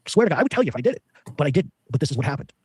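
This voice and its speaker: A man's voice: on the high side, sing-song, very fast, a little mellow, husky. A man telling a long rambling story as an interview guest, full of fillers and quoted dialogue.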